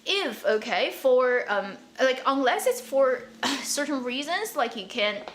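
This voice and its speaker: A woman hosting an online drama commentary channel, chatting casually in an animated, ranting way with frequent laughs and fillers. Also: high voice, slow, a little hiss or hum. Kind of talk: casual chat.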